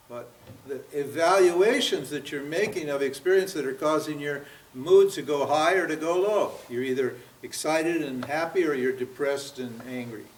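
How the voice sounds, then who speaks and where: A man in his seventies giving a spiritual seminar lecture, pressing his listeners with rhetorical questions and frequent "huh?" and "what?". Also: a little high. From United States. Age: 70s. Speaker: spiritual teacher. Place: seminar room at a yoga center. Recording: roomy, from far off.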